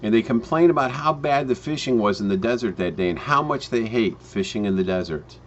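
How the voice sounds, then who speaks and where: A man tells a parable in a plain, mid-pitched voice, leaning on slow, emphatic phrasing. He often stops and restarts his lines. The recording sounds dull and lo-fi. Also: lively intonation, a little hiss or hum. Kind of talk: spoken parable for a home business pitch.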